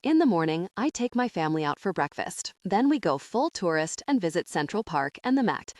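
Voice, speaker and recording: Woman audiobook narrator: animated first-person telling, dry studio sound. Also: fairly low pitch, brisk, no room sound.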